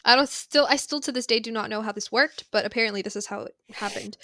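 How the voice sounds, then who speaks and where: A woman co-hosting a podcast, casually retelling a book's chapters with slangy asides and quick impressions. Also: fairly high pitch, bright, forceful tone, slight background noise. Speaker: podcast co-host. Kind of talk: casual book recap chat.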